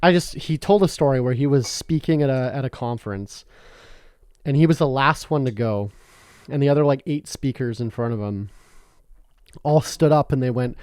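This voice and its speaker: Young man from Canada, podcast co-host, loose rambling chat, medium pitch, dry close mic. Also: normal speed, darkish tone, clean tone, no room sound. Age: young adult. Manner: rambling, laughs often, swears casually. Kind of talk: casual chat.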